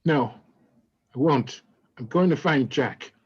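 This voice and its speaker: A hesitant young woman, played by an actor in an improvised stage comedy. She talks sheepishly at a middle pitch. The sound is dull and muffled. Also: animated, slow, slightly rough, exaggerated voice. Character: young woman fleeing an engagement.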